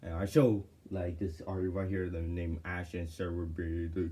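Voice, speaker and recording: A man's voice: low voice, level tone, moderate pace, warm tone. A man casually telling a personal story to his viewers, rambling and full of fillers and restarts. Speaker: vlogger.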